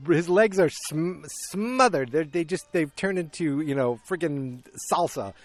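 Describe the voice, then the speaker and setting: A man's voice: a little high, unhurried, faint music behind. A middle-aged man hosting a podcast, recapping a movie in casual chat and acting out its scenes as he goes. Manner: animated storytelling, acting out scenes. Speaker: podcast host.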